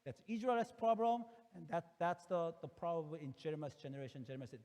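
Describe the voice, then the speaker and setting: Earnest high-voiced man preaching in hall. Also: expressive, fairly quick, hardly any pauses, a little mellow. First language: Korean. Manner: earnest, rises into emphatic pleading when quoting God; non-native phrasing with frequent fillers and restarts. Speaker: pastor. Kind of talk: sermon.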